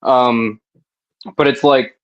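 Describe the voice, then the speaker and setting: A man's voice: mid-range voice, steady tone, dull audio. A man hosting a podcast, talking in casual, profane slang. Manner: profane, slangy, drawn-out telling. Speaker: podcast host. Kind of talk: casual chat.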